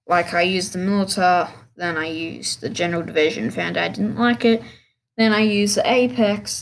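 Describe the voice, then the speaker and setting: Woman, podcast host, casual gaming chat, rambling, keeps restarting, offhand. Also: medium pitch.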